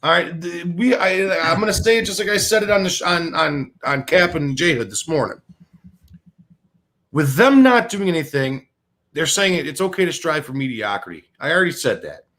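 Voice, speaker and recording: A man's voice: fairly high pitch, lively intonation, normal speed, fairly bright tone. Guy hosting sports talk, fired up, cursing, voice swinging up and down a lot. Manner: fired-up, profane, repetitive restarts. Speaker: sports talk show host. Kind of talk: heated sports radio rant.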